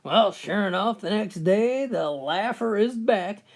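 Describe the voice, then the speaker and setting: A man telling a countdown of jokes with animated storytelling. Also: sits high, measured pace. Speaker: joke teller.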